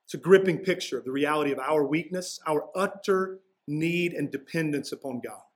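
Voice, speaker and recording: A man's voice: fairly high pitch, normal speed. A man preaching a sermon as pastor, walking through a passage in a casual, conversational way with slangy asides.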